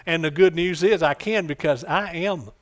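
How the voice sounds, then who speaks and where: A middle-aged man preaching a fervent sermon, calling out for amens and swinging between soft asides and loud bursts. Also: fairly high pitch, moderate pace.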